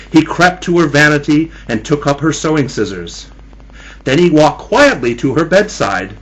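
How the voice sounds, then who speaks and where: A man's voice: a little high, husky, poor audio. A man telling a spooky Halloween story in a teasing, theatrical manner, addressing his listeners as kiddies.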